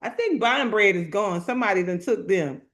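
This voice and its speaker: A woman speaker preaching to an online live audience, slow and emphatic, repeating her phrases in colloquial talk and calling out to the chat. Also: medium pitch, expressive, fairly bright tone. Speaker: motivational speaker.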